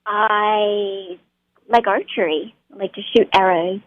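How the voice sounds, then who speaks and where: A woman's voice: mid-range voice, steady tone, slow, no echo. Chatty woman on a tinny line. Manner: chatty, laughs easily, many fillers. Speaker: actor guest. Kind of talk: casual interview storytelling.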